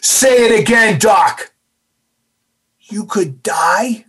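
A man voicing a harsh, mocking male drill instructor who gives loud, clipped commands. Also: sits high, lively intonation, measured pace, husky, voice pushed up, full character voice. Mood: barking.

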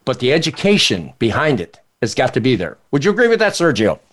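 An older man hosting a casual panel discussion, an animated storyteller who keeps checking in with his guests. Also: medium pitch, fast talker. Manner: animated storyteller, acts out voices in anecdotes. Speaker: host.

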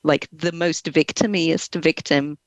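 A woman's voice: low voice, fairly even intonation, takes it slowly, dry recording, dull audio. A young English woman with a slight Scottish touch in her accent, a guest author in a casual interview, chatty and laughing between words. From England.

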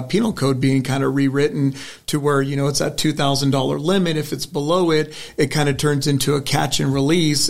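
Brief: middle-aged male candidate, slightly high voice with gravel, earnest storyteller, restarts often. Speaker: state senate candidate. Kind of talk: interview answer, conversational.

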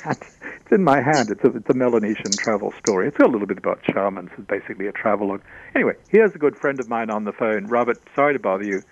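An Australian man, a guest on a radio show, tells a story in an animated way and repeats words for emphasis. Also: fairly low pitch, fast, lo-fi sound. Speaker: guest, shaman and author.

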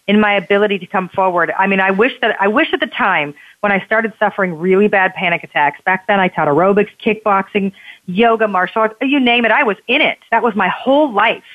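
A woman speaks earnestly and expressively, leaning hard on her points as she shares her own experiences. Her voice sits at an average pitch. The sound is dry and narrow, like a tinny phone call. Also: brisk, no echo. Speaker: guest author and bodyworker. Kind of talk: candid conversational storytelling.

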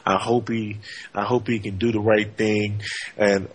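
A man hosting a sports talk show, energetic, with lots of "hey, man" and "uh" between points. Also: fairly low pitch, unhurried, breathy edge. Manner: energetic, frequent fillers and 'hey, man'.

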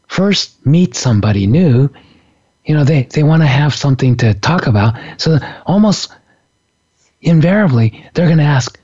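A middle-aged man, a psychic and minister, telling a story in a casual, animated way with frequent laughter. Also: medium pitch, breathy edge, lo-fi sound. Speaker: podcast host, psychic and minister.

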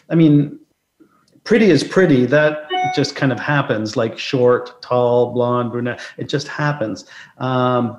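Man guest, mid-pitched, reflective anecdotes, roomy echo. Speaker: guest, photographer. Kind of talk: conversational interview storytelling.

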